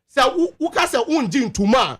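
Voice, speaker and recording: Brief: Ghanaian male panelist, high voice, stumbles through reading a statute. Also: sing-song, fairly bright tone. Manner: reads legal text haltingly, mixes English and Twi. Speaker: radio panel guest. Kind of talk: radio debate, reading out a law. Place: radio studio.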